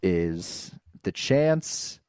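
A man's voice: deep voice, very animated, drawn-out words, a little mellow, smooth, dry recording, studio quality. A young man co-hosting a casual sports podcast, rambling with lots of filler words. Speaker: podcast co-host.

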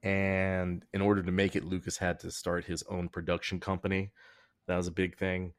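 A podcast host with a very deep, low voice chats casually, rambling and joking, often trailing off and starting over. He speaks in a monotone at normal speed with a clean tone, recorded close and dry with no room sound.

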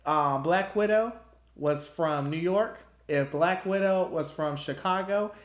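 A man hosting a podcast, chatting casually and animatedly and slipping into high mimicking voices. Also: takes it slowly. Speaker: podcast host. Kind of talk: casual chat. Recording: echoey room.

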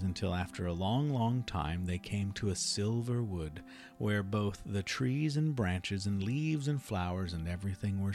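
Man reading a fairy tale aloud. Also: fairly low pitch. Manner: expressive, measured storytelling. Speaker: storyteller.

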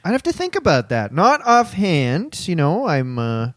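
A man co-hosting a podcast who talks in an animated, chatty, open way about himself. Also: a little high, measured pace, no room sound, studio quality. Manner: animated, chatty and self-revealing. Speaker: podcast co-host. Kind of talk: casual podcast chat.

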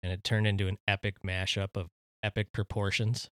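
Male co-host, lowish voice, easygoing storyteller, dry recording. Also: level tone, brisk, fairly bright tone, no room sound. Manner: easygoing, reminiscing, laughs often. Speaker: podcast co-host. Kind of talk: casual banter.

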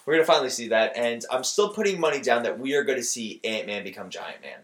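A man hosting a casual podcast chat, animated and quick to laugh. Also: mid-range voice, reverberant. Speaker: podcast host.

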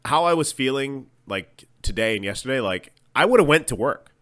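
A man co-hosting a comedy podcast, loud and jokey, swearing often. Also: medium pitch, animated, moderate pace. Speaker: podcast co-host. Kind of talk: casual comedic chat.

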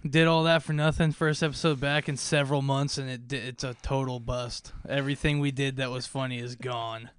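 A man's voice: mid-range voice, little pitch movement, fairly quick, hardly any pauses, clean tone, dry recording. A young man in casual podcast chat, frustrated and swearing as he reacts. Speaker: podcast co-host.

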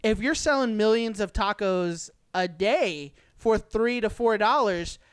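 A man's voice: sits high, a little slow, a bit bright, clear, resonant tone, dry recording, clean studio sound. A man co-hosting a podcast and running its quiz game, easygoing, with hesitant "uh"s. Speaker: podcast co-host and game show quizmaster. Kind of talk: casual chat.

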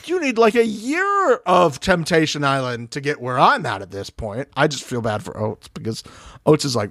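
Man, high voice, very animated pitch, casual podcast chat, dry close sound. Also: normal speed, no echo. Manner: animated, profane, quotes others. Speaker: podcast co-host.

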